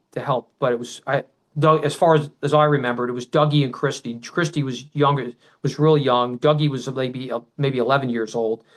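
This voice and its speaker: Telling an emotional personal story as a podcast guest, a middle-aged man speaks at length in a middle-pitched voice, over poor audio. He wanders and circles back, restarts sentences, and breaks into loud quoted shouts of others' words.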